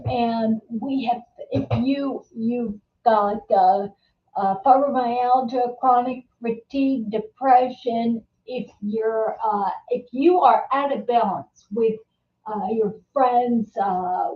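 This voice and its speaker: A woman hosting a casual live-stream chat. She talks in a halting way, often repeating words and restarting her sentences. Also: fairly high pitch, a little hiss or hum. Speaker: host. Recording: distant, roomy and dull-sounding.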